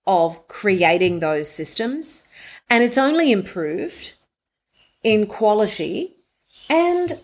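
A woman, a voiceover artist talking as a guest in an interview and telling stories in a lively way. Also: medium pitch. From Australia. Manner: animated storytelling, acts out quoted friends. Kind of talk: conversational interview.

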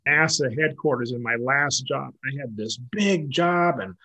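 A man in his fifties, an author interviewed as a guest, telling animated stories with frequent laughter. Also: mid-range voice, measured pace, low-quality recording. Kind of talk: conversational interview storytelling.

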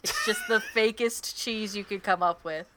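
A woman's voice: mid-range voice, normal speed, fairly bright tone, slight background noise. A woman co-hosting a podcast in casual chat, joking and laughing often at her own show. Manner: laughing often, jokey and self-mocking. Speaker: podcast co-host.

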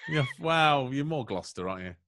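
A man chatting as a guest comedian on a casual podcast, quick and chatty, often breaking into laughter. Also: medium pitch, animated, a bit bright, dry recording, clean studio sound. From England.

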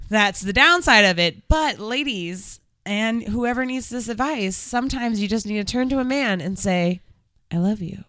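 Young woman spilling a dating story, animated, swears a lot, bright crisp voice. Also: a little high, moderate pace, hardly any pauses, no room sound. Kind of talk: casual chat.

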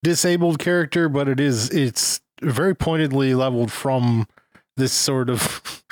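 A man's voice: mid-range voice, measured pace, no echo. Man, podcast co-host, hesitant with fillers, blunt swearing, dry close recording. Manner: hesitant, then blunt and profane. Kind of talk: casual film discussion.

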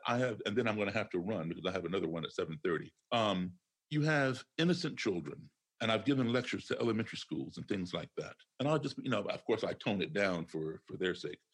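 A man's voice: on the low side, gravelly, breathy edge. A man speaking as a podcast guest, emphatic and lecturing, repeating his key phrases as he makes a point. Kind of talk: conversational interview.

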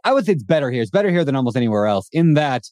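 Fast-talking, rambling man on a podcast. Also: medium pitch, very animated, a little mellow, dry recording, clean studio sound. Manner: fast, rambling, full of "like" and restarts. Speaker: podcast guest, real estate investor. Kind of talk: casual podcast chat. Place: home in Hawaii.

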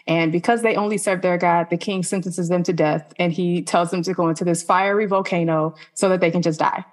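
A woman's voice: fairly low pitch, steady tone, fairly quick. Earnest woman sharing a personal testimony. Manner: earnest, conversational, many "like" fillers. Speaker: podcast guest. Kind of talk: personal testimony in a faith podcast interview.

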